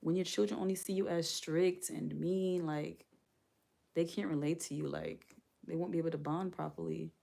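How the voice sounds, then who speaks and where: A woman's voice: low-pitched, fairly even intonation, normal speed, vocal fry, dark tone. A woman who is a parent, hosting a live stream and chatting candidly with viewers in a casual way. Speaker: livestream host.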